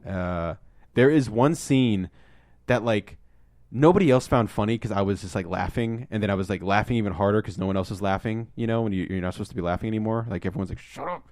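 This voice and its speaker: Low-voiced man rambling about movies. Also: fast, a little mellow, no echo, studio quality. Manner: rambling, lots of ums, acts out movie lines. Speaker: podcast co-host. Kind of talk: casual chat, movie review.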